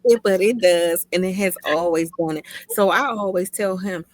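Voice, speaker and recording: A woman's voice: lowish voice, moderate pace, no room sound. A woman in casual podcast chat, telling family stories in an emphatic, teasing way. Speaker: podcast co-host.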